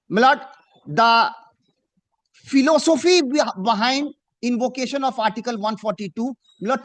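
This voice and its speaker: High-pitched man arguing in court. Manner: deferential, addressing the bench as "my lord" again and again; slow and emphatic when reading out judgments. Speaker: advocate arguing before a judge. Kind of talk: formal courtroom argument.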